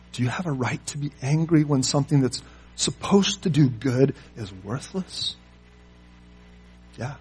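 A man preaching, his voice husky and a little breathy at a middle pitch. He presses his listeners with rhetorical questions, rising loud on the big points and dropping low for quiet asides. Soft music plays faintly behind him. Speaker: pastor. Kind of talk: sermon.

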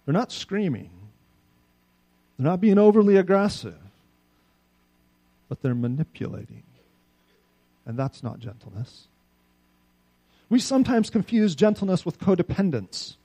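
A middle-aged man preaching a sermon in a conversational, animated way, often asking his listeners "right?". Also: high voice. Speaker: pastor.

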